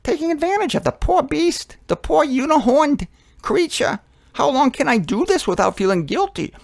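A man doing a squeaky gleeful tick bird. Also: expressive, moderate pace, gravelly, exaggerated voice. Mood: worried. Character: tick bird, small, gleeful, greedy freeloader.

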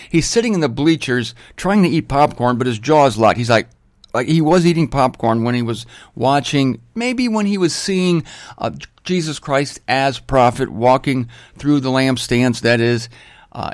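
A man's voice: mid-range voice, dry recording, clean studio sound. A man teaching the Bible in an informal sermon, with folksy, self-deprecating asides and jokes.

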